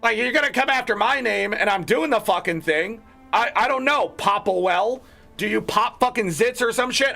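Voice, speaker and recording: Young gamer guy, high gravelly voice, cussing and ranting while he plays, bright edge. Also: normal speed, faint music behind. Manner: profane, ranting and exasperated. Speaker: gaming streamer. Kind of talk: casual gameplay commentary.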